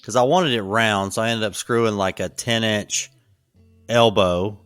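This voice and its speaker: A man's voice: on the low side, steady tone, measured pace, fairly bright tone, smooth, dry recording, faint music behind. A man talking casually as a podcast guest, rambling with lots of fillers. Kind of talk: casual conversation.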